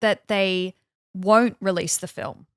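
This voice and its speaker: A woman's voice: medium pitch, fairly even intonation, slow pace, clean tone, dry recording, studio quality. A woman co-hosting a podcast, telling a story in casual chat, full of fillers and little acted-out quotes. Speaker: podcast co-host. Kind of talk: casual chat, recounting events.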